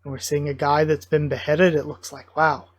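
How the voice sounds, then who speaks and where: A man giving live reaction commentary, thinking aloud in an excited, musing way and often correcting himself mid-thought. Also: on the high side, moderate pace, no echo, clean studio sound. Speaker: reaction video host.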